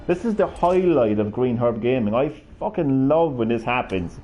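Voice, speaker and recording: A man's voice: mid-range voice, expressive, moderate pace, muffled recording, faint music behind. A man live-streaming a fighting game, chatting casually, rambling and swearing freely as he plays. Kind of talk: casual gameplay commentary.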